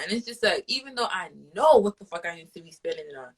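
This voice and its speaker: A woman's voice: a little high, quick pace, few pauses. A woman host in casual chat, ranting in a profane, fired-up way.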